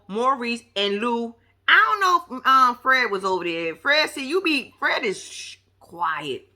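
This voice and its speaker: A woman giving sassy, slangy casual commentary on a reality show, talking straight to the viewer. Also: medium pitch. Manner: animated, sassy, slangy, talks to the screen. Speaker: vlogger reviewing a reality show.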